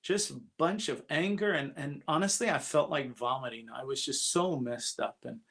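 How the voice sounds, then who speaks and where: At a church gathering, a man tells a personal story in a slightly raised voice that's a little high, fairly bright and marked by vocal fry. He's earnest and confessional but halting, stumbling and often repeating his opening words.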